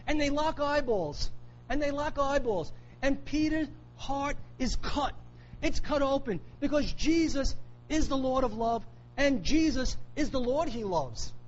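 High-voiced man preaching emphatically. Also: animated, normal speed, lo-fi sound, slight background noise. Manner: emphatic, repeats key phrases for weight. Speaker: pastor. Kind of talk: sermon.

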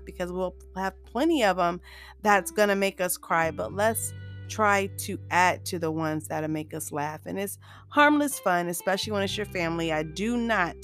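A woman with a lowish voice hosts a solo motivational podcast, chatty and upbeat. She laughs often as she addresses her listeners as "you guys."

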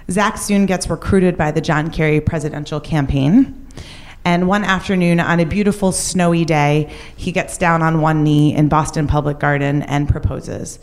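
A woman's voice: low voice, steady tone, normal speed. A young woman telling a personal true story on stage, candid and wry. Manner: candid, shifts between wry and raw.

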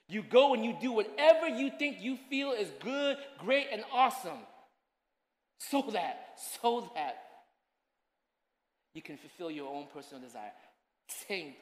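Fervent pastor in an echoing hall. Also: male voice, sits high, animated, moderate pace. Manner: swings from loud urgent pleading to soft conversational asides. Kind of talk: sermon. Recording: echoey hall.

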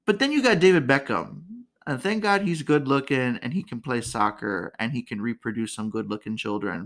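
A woman hosting a casual comedic commentary, chatty and candid, laughing often. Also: sits low. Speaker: podcast host.

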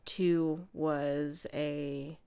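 Woman podcast co-host, low voice, unhurried film chat, acts out scene quotes. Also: little pitch movement, warm tone, smooth. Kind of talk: casual chat about a film.

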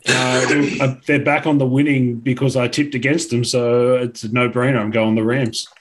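Male co-host, mid pitch, terse and matter-of-fact. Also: level tone, normal speed, husky, poor audio. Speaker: podcast co-host. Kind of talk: casual chat.

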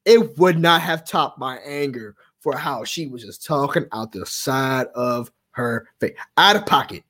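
A man's voice: medium pitch, a little slow, a bit bright. A man co-hosting a casual aftershow podcast, ranting profanely and acting out quotes. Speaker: aftershow co-host.

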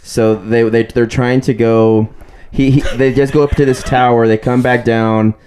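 A man co-hosting a casual film podcast, talking in a halting way with frequent restarts. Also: medium pitch, steady tone, a little mellow, a little hiss or hum. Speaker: podcast co-host.

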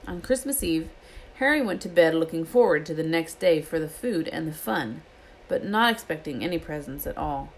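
Woman reading aloud, low-voiced. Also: moderate pace, hardly any pauses, rough recording. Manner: reads with lively character voices. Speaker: reader.

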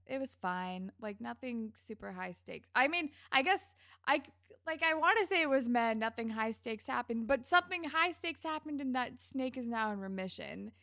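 A woman co-hosting a podcast, chatting in a relaxed, rambling way and laughing often as she recaps a TV episode. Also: fairly high pitch, gravelly, no echo, studio quality. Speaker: podcast co-host. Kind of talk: casual chat recapping a TV episode.

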